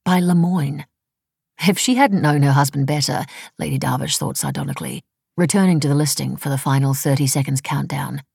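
A woman reading a story aloud in measured, dryly ironic audiobook narration on a close mic. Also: low voice, creaky, darkish tone, husky, no room sound.

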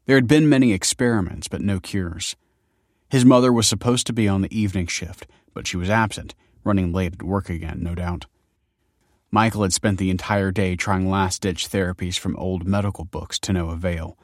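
A man narrating an audiobook chapter in a measured, even storytelling manner. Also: low voice, no room sound, clean studio sound. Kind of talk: scripted narration.

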